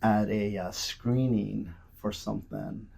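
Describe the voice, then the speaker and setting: A man on a podcast telling profane, animated stories with lots of restarts. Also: fairly low pitch, takes it slowly, vocal fry, breathy edge. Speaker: podcast guest. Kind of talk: casual storytelling. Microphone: studio podcast mic.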